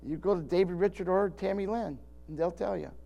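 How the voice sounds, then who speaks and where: A man's voice: high voice, brisk, creaky, warm tone. An older man preaching a sermon in a folksy, rambling way, often restarting his sentences. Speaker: pastor.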